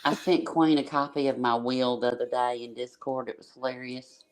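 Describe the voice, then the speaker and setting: During a casual livestream chat, a panel guest rambles loosely, stumbling through restarts and stacking up filler words. The voice is mid-range and level at a normal speed, with dry, close sound and no echo or room to it.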